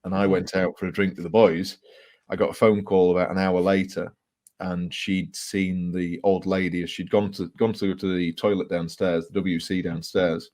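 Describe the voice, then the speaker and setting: Deep-voiced man telling ghost stories. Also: moderate pace. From England. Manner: animated storyteller with fillers and laughs. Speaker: author guest. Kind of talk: casual storytelling interview.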